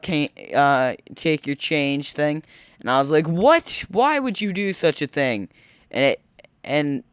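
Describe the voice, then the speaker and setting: A teenage boy rambling through a story while commenting on his gameplay, often cutting himself off and getting excited. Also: a little high, smooth, no echo, clean studio sound. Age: teens. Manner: rambling, self-interrupting, excitable. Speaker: gaming video host.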